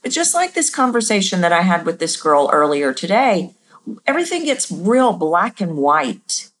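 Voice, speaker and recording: Animated woman host with a low voice. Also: normal speed. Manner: animated, demonstrates voices by jumping pitch. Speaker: podcast host and voice coach. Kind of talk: casual teaching monologue.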